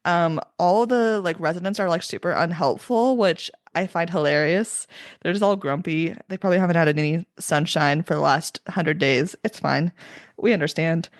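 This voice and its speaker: A woman's voice: on the low side, moderate pace, no echo, studio quality. A young woman hosting a casual book podcast, chatty and opinionated, with lots of "like" fillers. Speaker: podcast host.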